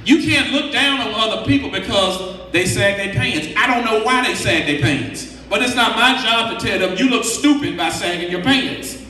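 A man's voice: sits high, animated, normal speed, few pauses, pushed and bright. A man giving an emphatic, preachy motivational talk to a workshop audience, counting off numbered points. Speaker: workshop speaker. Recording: echoey hall from far off.

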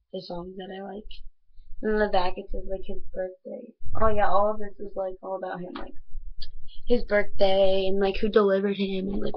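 A teenage girl vlogging casually in a rambling way, full of fillers and often dropping to a soft near-whisper. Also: on the low side, highs cut off. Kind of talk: casual bedroom vlog.

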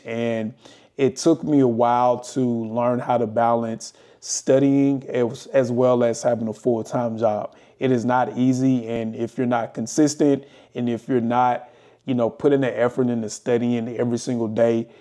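A young adult man talking casually to camera and walking through his study experience with plenty of fillers. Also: medium pitch. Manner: relaxed, conversational, many fillers. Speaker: vlogger. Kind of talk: casual talking-head explainer.

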